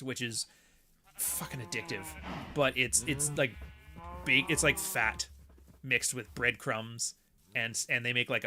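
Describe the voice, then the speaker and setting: With a sharp tone and mid-range pitch, a man chats with friends while streaming a block-building game. His talk is rambling and profane, broken up by frequent laughter.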